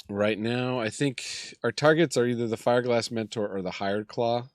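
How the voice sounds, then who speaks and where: Hoarse man with a cold doing game commentary. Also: medium pitch, dry recording, clean studio sound. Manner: chatty, thinks aloud, self-deprecating laughs. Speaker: gaming channel host. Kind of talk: casual gameplay commentary.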